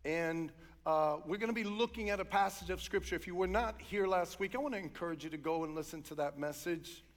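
A man preaching a sermon to his congregation, chatty and joking at times, then building to loud, fervent calls for the crowd to answer him. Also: high voice, brisk. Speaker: pastor. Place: church sanctuary. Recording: long reverb of a large room.

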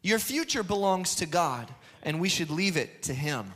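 A man in his thirties preaching a sermon to a congregation, telling stories with animated restarts and sudden bursts of shouting. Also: high-pitched, normal speed. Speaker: pastor. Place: church hall before a congregation.

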